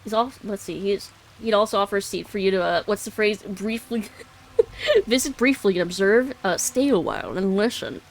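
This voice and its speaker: A woman's voice: medium pitch, expressive, moderate pace, gravelly, a little hiss or hum. Giggly, rambling young woman streamer. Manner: rambling, giggly, self-correcting. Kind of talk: casual gaming commentary.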